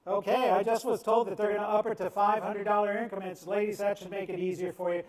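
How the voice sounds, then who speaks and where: Man auctioneer, high voice, rhythmic bid chant, roomy and distant sound. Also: steady tone. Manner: rapid rhythmic bid chant, cajoling bidders. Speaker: charity auctioneer. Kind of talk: live auction bid calling. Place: event venue on the Gulf coast. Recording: echoey room, voice from off-mic.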